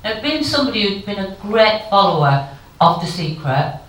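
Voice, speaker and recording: A woman in her fifties delivers a candid keynote speech, moving between wry jokes and emotion. Her voice sits in a middle pitch and is heard from a distance in a big, very echoey conference hall. A faint murmur of noise sits behind her. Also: sing-song, normal speed. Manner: frank, emotional storytelling with wry humour. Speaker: keynote speaker. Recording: very echoey hall, far from the mic.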